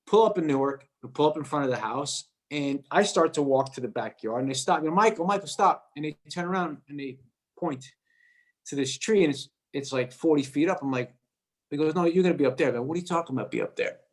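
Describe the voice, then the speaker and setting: Man telling a story with quick restarts. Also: on the high side. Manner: lively anecdote-telling, acts out quoted voices, repeats words. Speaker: actor guest. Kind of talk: animated storytelling.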